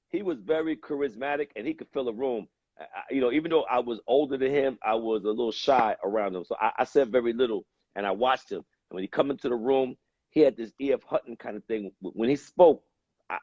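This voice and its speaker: A man talks in a husky, slightly breathy voice and tells his story at an easy, meandering pace, often stopping on fillers. The sound is dull and a little lo-fi, dry and close with no room around it. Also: medium pitch, darkish tone, dry recording. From United States. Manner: laid-back, rambling with many fillers. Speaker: guest. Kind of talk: casual storytelling.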